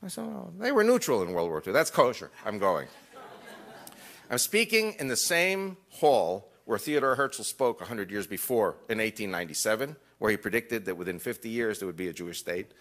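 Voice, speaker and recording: A man's voice: fairly low pitch, sing-song, moderate pace, a bit bright. A man speaking to a live audience, telling personal stories with jokey asides and acting out quoted dialogue. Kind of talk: lecture storytelling.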